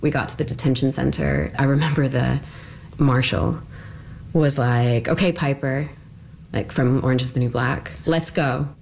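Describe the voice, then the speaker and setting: A woman's voice: rumbling low, level tone, normal speed, creaky, a little mellow, slight background noise. A woman recounting a personal story in a conversational interview, with lots of "like" fillers.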